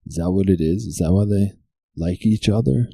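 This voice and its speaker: A man's voice: low-pitched, normal speed, gravelly, warm tone, no room sound, clean studio sound. A man hosting a comedy talk show, delivering a sarcastic topical monologue full of rhetorical questions. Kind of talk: stand-up style topical monologue.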